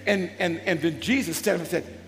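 High gravelly preaching man, echoing hall. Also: a little fast. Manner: call-and-response preaching, swells into shouts. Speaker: bishop preaching. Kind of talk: sermon. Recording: long hall reverb with faint music.

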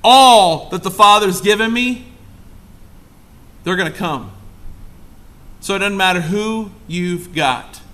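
A pastor preaching a sermon, full of emphatic rhetorical questions. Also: male voice, sits high, pushed and bright.

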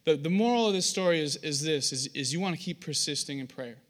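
A young man preaches a sermon in an animated way, telling self-deprecating stories and acting out the voices in them. His voice is fairly high and fast.

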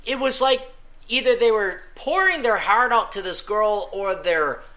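A man's voice: high voice, lively intonation, a little slow, sharp tone. A man hosting a podcast, ranting casually and sarcastically, breaking into mocking sung parodies. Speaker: podcast host.

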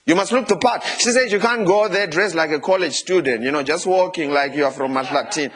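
A man preaching in a husky, somewhat high voice. He keeps a lively sermon going and often calls out to the congregation with questions and prompts. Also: fairly quick. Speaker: pastor.

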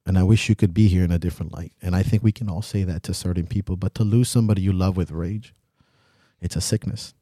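A man's voice: low voice, steady tone, fast talker, warm tone, no echo, clean studio sound. A young man co-hosting a podcast, talking bluntly and emotionally, swearing freely. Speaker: podcast co-host. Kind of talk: candid podcast chat.

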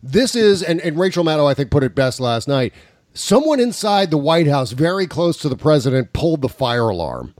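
A man's voice: a little high, big pitch swings, moderate pace, darkish tone, dry recording, clean studio sound. A man hosting a political talk podcast, chatting casually and sarcastically, laughing often as he reads out tweets in a mocking tone. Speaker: podcast host.

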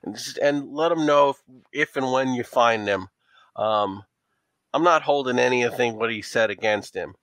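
A man voicing a weary, forgiving woman client with an injured arm in a tabletop role-play, talking in halting, rambling bursts. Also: medium pitch, a bit bright, no room sound, natural voice. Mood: weary pleading.

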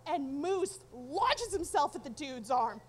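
A woman's voice: sits high, expressive, slow. A young adult woman telling a personal story to an audience, candid, profane and wry.

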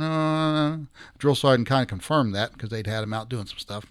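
A man's voice: medium pitch, normal speed, smooth, no echo, clean studio sound. Blunt, folksy older man hosting. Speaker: podcast host. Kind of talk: casual talk-show monologue.

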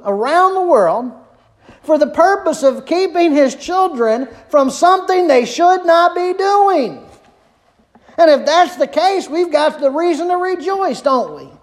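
A woman pastor preaching a conversational sermon, asking rhetorical questions and dropping her voice low and quiet for emphasis. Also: lively intonation, a little slow.

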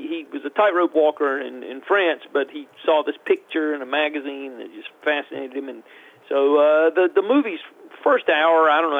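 A man reviewing a film in casual radio chat, halting and repeating words as he talks. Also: fairly high pitch, phone-quality sound.

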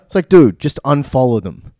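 A man's voice: mid-range voice, sing-song, normal speed, darkish tone, no room sound, studio quality. A young adult man, a DJ, talking bluntly in a casual chat, swearing freely and acting out other people's words. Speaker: DJ guest.

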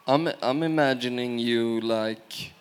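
A man's voice: medium pitch, slow, clean tone. A man chiming in with dry, teasing jokes during a casual chat among friends.

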